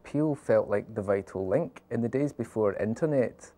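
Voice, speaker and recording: A man speaks slowly and emphatically. His voice is fairly low and mellow in tone. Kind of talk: reflective interview.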